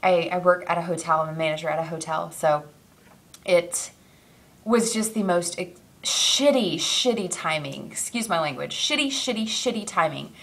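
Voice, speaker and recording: A woman's voice: on the low side, normal speed. A young adult woman talking casually to her camera in a personal vlog, rambling and emotional, with many fillers, restarts and small laughs. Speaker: vlogger.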